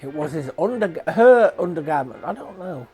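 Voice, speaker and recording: A woman hosting a reaction video, making slow, amused asides over a playing film. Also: low voice, lively intonation, darkish tone. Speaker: reaction channel host. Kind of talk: casual commentary over a film. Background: music.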